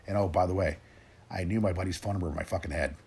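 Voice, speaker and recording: A man in his forties ranting in a rambling, gruff way, swearing constantly and restarting his sentences as he talks to his listeners. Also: deep voice, steady tone, quick pace, darkish tone, a little hiss or hum. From Tennessee, raised in Oregon. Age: 40s. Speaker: rant host. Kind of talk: profane solo rant.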